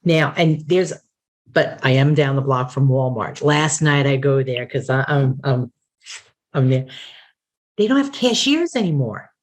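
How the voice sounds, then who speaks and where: A woman's voice: extremely low pitch, lively intonation, unhurried. A woman doing a stand-up set over a video call, playful, laughing between her jokes. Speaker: stand-up comic. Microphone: computer mic on video call.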